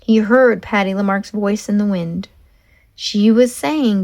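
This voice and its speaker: A woman reading a children's chapter book aloud with expressive, emphatic narration. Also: mid-range voice, measured pace. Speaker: storyteller.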